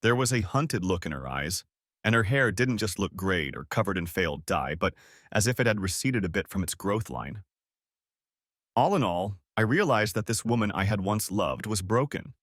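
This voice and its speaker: Man, audiobook storyteller, first-person narration, expressive ups and downs, dry close-miked sound. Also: lowish voice, moderate pace, no echo.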